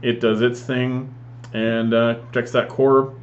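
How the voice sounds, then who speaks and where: A man explains his wargame moves in a relaxed, rambling voice-over, often stopping to restart a thought. His voice sits at a middling pitch. The recording is dull and lo-fi, with a faint hiss behind it. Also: slow. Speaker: tabletop wargame player commentating his match. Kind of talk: voice-over game recap commentary.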